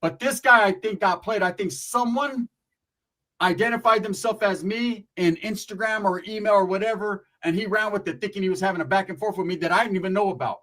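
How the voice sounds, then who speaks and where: A high-pitched, bright, forceful voice belongs to a young Northern California YouTuber ranting a little fast on a livestream, cursing bluntly and ending lines with "right?" or "bro." It's a low-quality recording.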